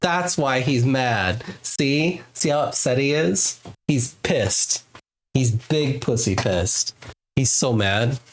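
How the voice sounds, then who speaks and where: A woman's voice: extremely low pitch, lively intonation, slow, slight background noise. A woman streamer chatting casually with her live viewers while gaming, playful and giggly, fond of teasing repetitions.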